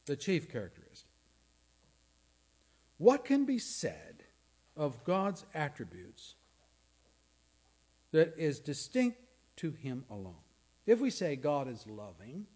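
A man's voice: mid-range voice, wildly swooping pitch, takes it slowly, long pauses, darkish tone, husky. A male pastor preaching a sermon, earnest and questioning, sometimes dropping to a near-whisper for emphasis.

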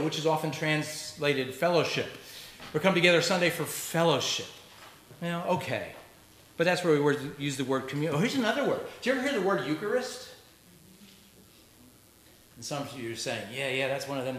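A male pastor with a high, slightly bright voice preaches a sermon in a church sanctuary. His delivery is conversational, with joking asides to the congregation. The recording is echoey, typical of a church, with faint noise.

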